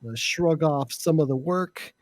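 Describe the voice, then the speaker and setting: A man's voice: fairly high pitch, a little slow, no echo. A man on a game master panel, explaining his tip methodically with many hesitations. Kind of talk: casual panel chat.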